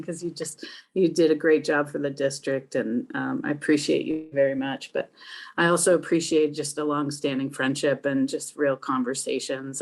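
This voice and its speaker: A woman giving a casual, friendly share at a recovery meeting over an online call. She is chatty and laughs easily. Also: low voice. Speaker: meeting member sharing.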